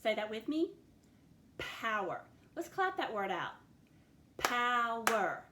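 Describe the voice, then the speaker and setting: A fairly high, sing-song voice belongs to a woman teaching children phonics and spelling. She works slowly and patiently, breaking each word into sounds, while the echoey room carries faint background noise.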